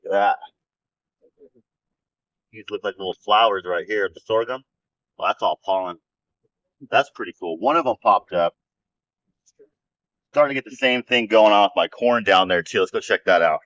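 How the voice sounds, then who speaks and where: A man's voice: fairly low pitch, moderate pace, long pauses, fairly bright tone, dry recording. A man hosting a casual garden vlog, chatting in an easygoing, rambling way as he walks around an outdoor desert garden. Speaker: vlog host. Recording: dull lo-fi dry sound.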